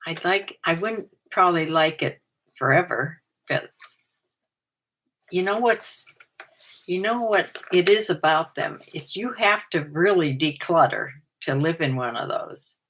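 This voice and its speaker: Speaking unhurriedly in an animated, fairly bright voice on the low side, an older woman vlogs from home. The vlogger and part-time reseller goes through a numbered list about herself in casual chat to camera, frequently laughing at her own comments.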